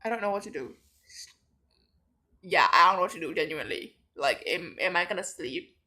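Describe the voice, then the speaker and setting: This young adult vlogger, soon to begin university, speaks in a fairly low, expressive voice that comes out brisk, pushed, and bright. It's a late-night confessional, so she sounds sleepy and worn out as she rambles on, leaning heavily on fillers and "like."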